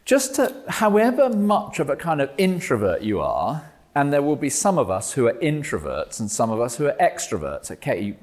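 Lively, jokey preacher. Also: male voice, medium pitch, moderate pace. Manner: jokey, animated, self-mocking asides. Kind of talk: conference talk on evangelism.

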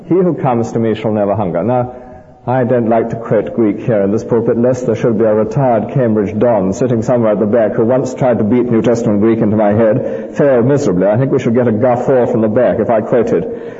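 A man's voice: medium pitch, fairly even intonation, brisk, mellow. A man preaching a sermon from a church pulpit, emphatic and anecdotal with dry humorous asides. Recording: dull lo-fi recording with long church reverb.

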